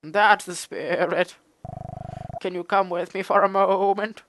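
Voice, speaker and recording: A man reading game dialogue aloud, voicing a gentle, grieving female mountain goat in a slow, soft, earnest way. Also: high-pitched, fairly even intonation, background noise, voice pushed up. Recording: game music underneath.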